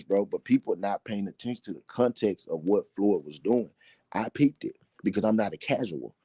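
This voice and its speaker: Deep, dark-voiced man talking boxing. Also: dry recording. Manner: emphatic, repeats points slowly for effect. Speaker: boxing talk show host. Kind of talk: casual boxing commentary.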